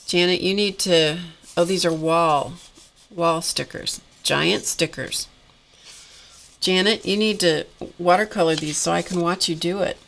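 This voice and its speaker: A middle-aged woman with a fairly low, slightly bright voice, some vocal fry and fairly even intonation speaks at a measured pace over slight background noise. Her casual craft live stream has her opening happy mail, exclaiming about gifts and chatting to viewers, a touch tired and coughing now and then.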